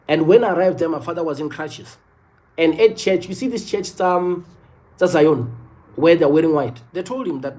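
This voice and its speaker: A man's voice: on the high side, lively intonation, normal speed, darkish tone. A man in his thirties with a South African accent, telling a personal story on a livestream in an earnest way, often repeating phrases. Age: 30s. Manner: earnest, repeats phrases, many "you know" fillers. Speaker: livestream host.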